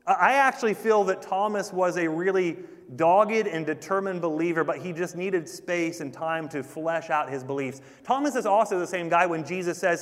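Male pastor, fairly high voice, earnest emphatic preaching, long reverb of a church sanctuary. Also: normal speed, few pauses. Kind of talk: sermon.

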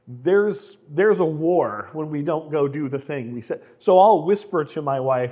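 A man's voice: medium pitch, moderate pace, mellow. A middle-aged man preaching a conversational sermon, often repeating words as he starts a sentence. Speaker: pastor.

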